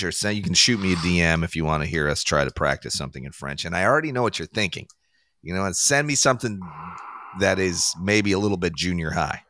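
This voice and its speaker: A man's voice: deep voice, sharp tone, slight background noise. A man hosting a podcast in casual chat, rambling and joking, laughing at his own jokes. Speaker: podcast host.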